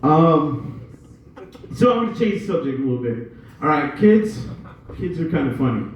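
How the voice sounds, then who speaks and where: A man's voice: fairly high pitch, very animated, normal speed, slight background noise. Guy doing stand-up, rambling and swearing a lot, echoey room from across the way. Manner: rambling, profane, loose storytelling. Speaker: stand-up comedian. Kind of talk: stand-up comedy set. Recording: echoey room from far off, dull.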